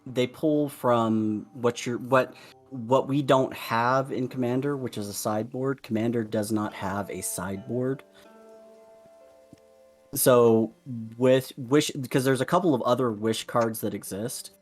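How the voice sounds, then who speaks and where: A man's voice: medium pitch, a little slow, faint music behind. A man chatting casually on a voice call with friends about a card game, rambling with many fillers and restarts. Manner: rambling, hesitant, lots of fillers.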